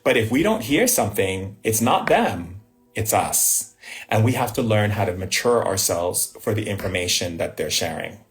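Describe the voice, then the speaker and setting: Low-voiced man telling spiritual stories. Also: sing-song, moderate pace. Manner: storytelling, with rhetorical questions and frequent "right?". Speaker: spiritual teacher. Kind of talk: live spiritual talk with personal stories. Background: faint music.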